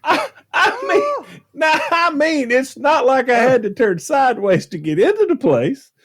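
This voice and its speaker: Animated self-mocking storyteller man. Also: extremely high pitch, measured pace, noisy background. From United States. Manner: self-deprecating, animated, laughs at his own story. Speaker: radio show regular. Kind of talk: casual storytelling on radio talk show.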